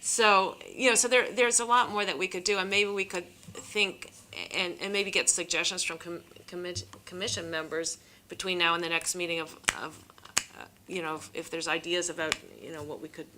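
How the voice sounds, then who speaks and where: Low, bright-toned woman at a meeting. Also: steady tone, moderate pace, few pauses, slight background noise. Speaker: commission member. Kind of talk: committee meeting discussion.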